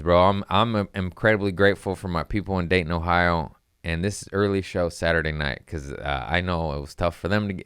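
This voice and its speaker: Man comedian, deep smooth voice, rambling profane storyteller, dry close sound. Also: fairly bright tone, no echo. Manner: profane, rambling, laid-back. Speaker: stand-up comedian hosting his own show. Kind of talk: casual storytelling chat.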